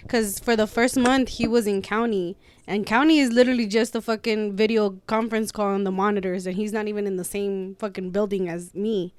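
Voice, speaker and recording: A woman's voice: mid-range voice, fairly even intonation, brisk, few pauses, darkish tone, clear, resonant tone, dry recording. A woman in a casual chat, candid and chatty, cursing as she tells her story. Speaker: guest.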